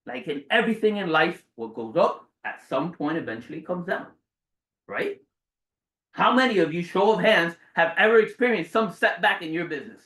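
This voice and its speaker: A man in his forties giving a motivational speech to a live audience, dramatic and swearing, jumping between loud bursts and hushed low lines. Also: animated, moderate pace, far from the mic. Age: 40s. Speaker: motivational speaker. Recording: roomy sound from away from the mic.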